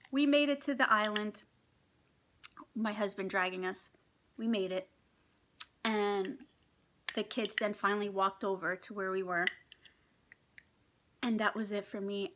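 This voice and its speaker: A middle-aged woman vlogger telling a story in casual chat, animated and laughing often as she acts out what people said. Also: mid-range voice, measured pace, long pauses, a little hiss or hum. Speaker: mukbang vlogger.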